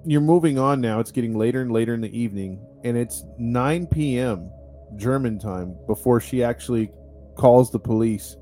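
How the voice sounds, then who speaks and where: A man's voice: mid-range voice, moderate pace, mellow, soft background music. A man, a podcast host, telling a true-crime story in a casual, chatty way, with lots of fillers and restarts. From United States.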